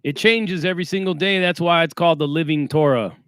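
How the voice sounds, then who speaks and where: A man's voice: a little high, brisk, a bit bright, clear, resonant tone, dry recording, clean studio sound. A man hosting a casual livestream, talking in streetwise slang and greeting viewers by name. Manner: streetwise slang, reads chat names aloud. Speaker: livestream host.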